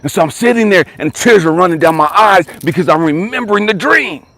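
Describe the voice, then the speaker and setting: A man with a slightly high, husky voice tells a personal story in a close, dry recording. He swings between excited high bursts and hushed, whispery lows. He keeps asking his listeners to stay with him. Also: brisk, dry recording. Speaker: life coach and motivational speaker.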